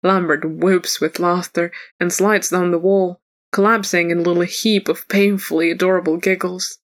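A woman reading a fan story aloud as a narrator, in an even storytelling manner. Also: fairly low pitch, normal speed.

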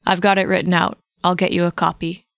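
A woman putting on a gruff, fatherly old mentor. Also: lowish voice, little pitch movement, fairly quick, no echo. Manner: gruff and grumbling. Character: gruff older male mentor, exasperated and fatherly.

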